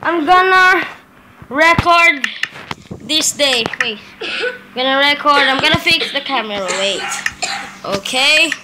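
A woman with a very high voice hosts a casual game roleplay, talking slowly and haltingly with many pauses. Her sudden excited outbursts break the hesitant flow. The recording is noisy, with clicking heard in the background. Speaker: Minecraft roleplay video host. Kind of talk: casual gameplay roleplay commentary.

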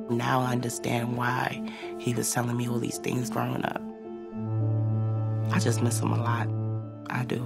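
A young woman giving a halting, reflective personal testimony for a documentary, often pausing on "like" and "you know.". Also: extremely low pitch, creaky. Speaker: interviewee.

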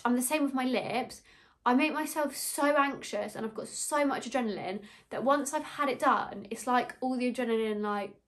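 A young woman chatting in a get-ready-with-me vlog, telling rambling, gossipy stories while a little tipsy. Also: a little high. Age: young adult. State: slightly tipsy. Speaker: beauty vlogger.

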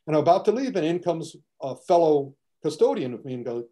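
Older man, mellow voice, casual animated storyteller, acts out scenes. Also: on the high side, brisk. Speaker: martial arts film critic. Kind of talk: casual chat.

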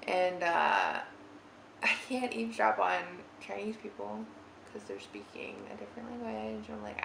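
Her medium-pitched voice is sing-song and gravelly, and she speaks unhurriedly while doing a makeup tutorial in a roomy living room. This young beauty vlogger chats casually, rambling and giggling with lots of "like," against background noise and faint ambience.

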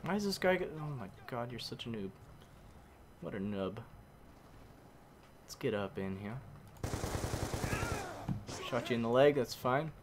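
A man commentating his own game casually, muttering and then shouting in frustration, using mild minced swears. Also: mid-range voice, animated, measured pace, long pauses, noisy background. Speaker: gameplay commentator.

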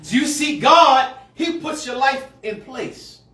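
High-pitched preacher man in an echoey church. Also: lively intonation, slow. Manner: call-and-response preaching, swings from quiet asides to shouts. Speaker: pastor. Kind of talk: sermon. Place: church sanctuary with a congregation. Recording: echoey hall, mic far off. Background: congregation answering.

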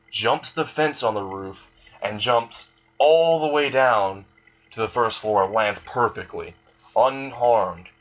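A man's voice: lowish voice, muffled recording. A man casually telling an improvised fan story, rambling and swearing as he goes.

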